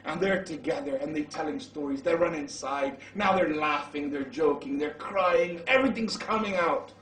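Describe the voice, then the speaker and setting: A man preaching, telling a story dramatically and rising to shouts at the climax. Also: a little high, moderate pace, a little hiss or hum. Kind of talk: storytelling sermon. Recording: roomy hall, mic far off.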